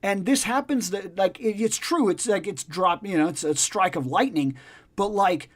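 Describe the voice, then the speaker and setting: A man's voice: high-pitched, normal speed. A man hosting a casual discussion chat, emphatic and profane, repeating his points for stress. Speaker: podcast host.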